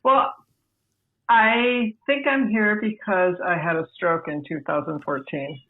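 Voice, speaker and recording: A woman, a podcast guest, telling her own story in a measured, deliberate way over a remote line. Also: on the low side, steady tone. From United States. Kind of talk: personal storytelling. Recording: tinny phone-like remote line.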